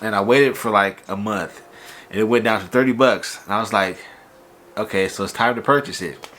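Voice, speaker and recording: A man hosting a casual toy unboxing vlog, sounding stuffy and nasal from allergies, telling his story in an animated, exasperated way. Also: fairly low pitch, moderate pace, a little hiss or hum. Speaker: toy collector vlogger.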